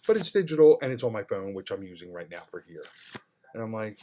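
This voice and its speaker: A man rattles off a frustrating customer-service story fast, casual and animated, over a little hiss or hum. Swearing comes freely, and his volume swings from low mutters up to loud outbursts.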